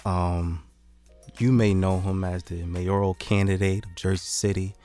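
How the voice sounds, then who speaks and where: Low-pitched male podcast host, relaxed joking delivery with quick-fire plugs. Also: faint music behind. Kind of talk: casual podcast chat. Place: recording studio.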